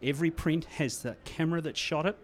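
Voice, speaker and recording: A man speaking as a sponsor at an awards event, delivering a wry, salesmanlike pitch. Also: fairly quick. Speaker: company representative, sponsor. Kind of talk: sponsor speech. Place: judging room at a photography awards event.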